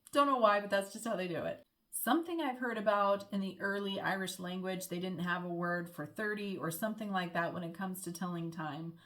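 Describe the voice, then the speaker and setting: A woman's voice: mid-range voice, a bit bright. A young American woman living abroad, explaining local words in a friendly, chatty vlog with the odd small laugh. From United States. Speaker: vlogger.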